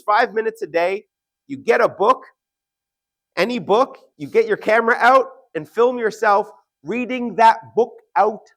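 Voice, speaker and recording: A man giving an earnest motivational talk to an audience, slowing down to stress key points and often checking in with "right?". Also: sits high, fairly bright tone. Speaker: motivational speaker.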